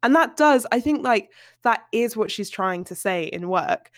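A woman's voice: a little high, a little slow, no echo, studio quality. Chatty woman discussing a book. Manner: animated, chatty, laughs often. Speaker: podcast co-host.

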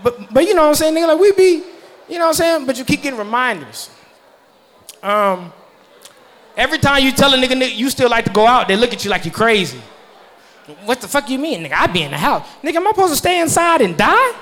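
A man in his thirties performing a stand-up comedy set, loud and profane, laughing at his own jokes as the audience laughs. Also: very high voice, very animated, quick pace. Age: 30s.

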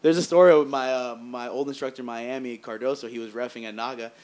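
A man in casual chat, telling animated stories, laughing often and swearing as he acts out quoted lines. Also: medium pitch, fast talker, smooth.

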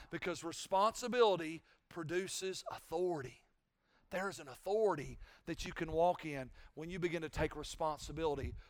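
Male pastor, sermon delivery, resonant and bright-pitched, repetitive and forceful. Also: clean tone, no room sound, studio quality. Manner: preaching with rising, shouted emphasis and repetition.

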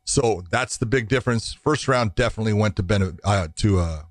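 A man's voice: lowish voice, fairly quick, no echo. A man working as a fight referee, chatting casually and telling stories, acting out what people said. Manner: storytelling, acts out quoted exchanges, profane. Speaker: MMA referee talking shop. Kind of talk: casual podcast chat.

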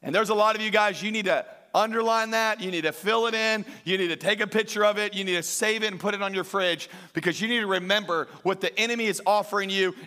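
High-voiced emphatic pastor. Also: male voice, fast talker, few pauses. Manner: emphatic, rises to near-shouting peaks and drops to quiet asides; jokes with the congregation. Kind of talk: sermon.

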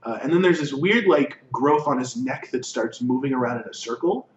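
A man co-hosting a podcast, recapping a show in casual chat and acting out characters' lines in quick asides. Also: medium pitch. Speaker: podcast co-host. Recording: echoey, distant, dull lo-fi room mic with faint noise.

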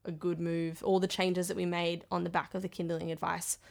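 A woman's voice: on the low side, level tone, a little fast, vocal fry, a little mellow. An Australian woman chatting casually as a guest about making a children's podcast, talking readily and laughing easily. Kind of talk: casual interview chat.

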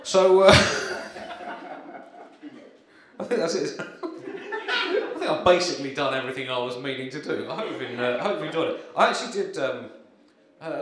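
A man performs a deadpan stand-up routine, pausing and hedging through his jokes. The room rings with heavy echo, and a lively crowd can be heard around him. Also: mid-range voice. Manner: dry, halting delivery with many fillers. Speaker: stand-up comedian. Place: live comedy venue, in front of an audience. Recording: echoey live room with crowd.

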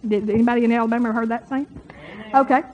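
A woman's voice: fairly high pitch, fairly even intonation, very fast, a little mellow, slight background noise. A woman preaching a sermon to a congregation in a folksy, chatty way, speaking straight to the crowd. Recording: dull lo-fi sermon recording.

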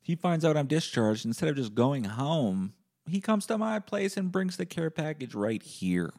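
A male podcast host giving a rambling, profane solo monologue in a deadpan comic way. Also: fairly high pitch, moderate pace.

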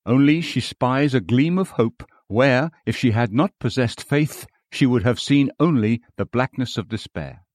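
A man reading a sermon aloud in measured, formal, old-fashioned preaching language. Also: mid-range voice, expressive, dry recording, studio quality. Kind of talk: read sermon.

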